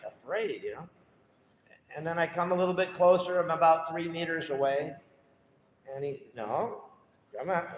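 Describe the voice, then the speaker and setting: An older man telling an emotional personal story to a temple audience, in a halting, heartfelt way. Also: fairly high pitch, a little hiss or hum. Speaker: guest speaker. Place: temple hall. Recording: echoey hall, dull lo-fi sound.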